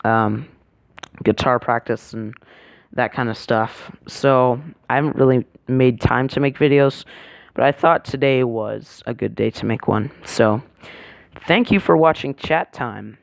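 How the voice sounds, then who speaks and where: Male vlogger, mid pitch, smooth voice, rambling chatty delivery that keeps correcting itself, dry close sound. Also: a little slow, no echo. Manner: rambling, hesitant, full of fillers and self-corrections. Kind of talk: casual storytelling vlog.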